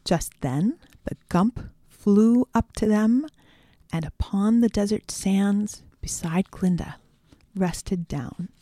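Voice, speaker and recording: Woman reading a storybook aloud, slow, mellow, dry sound, often softly whispery. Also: mid-range voice, no room sound. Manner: measured, soft, at times whispery. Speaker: narrator.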